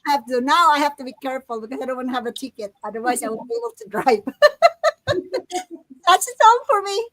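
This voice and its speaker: A woman's voice: high-pitched, animated, quick pace, fairly bright tone, no echo, rough recording. A woman on a video call telling a story in a casual chat, laughing and restarting her sentences. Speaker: accountability partner sharing in a group chat.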